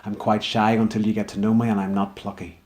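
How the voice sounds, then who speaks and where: Northern Irish man, deadpan comic poet, lowish voice. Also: fast. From Northern Ireland. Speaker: spoken-word performer. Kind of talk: comic spoken-word poetry.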